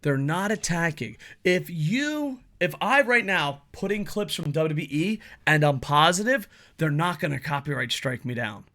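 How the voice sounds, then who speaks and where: A man's voice: on the high side, expressive, unhurried, few pauses, sharp tone. A man giving a blunt, profanity-heavy solo opinion rant as a wrestling commentary YouTuber.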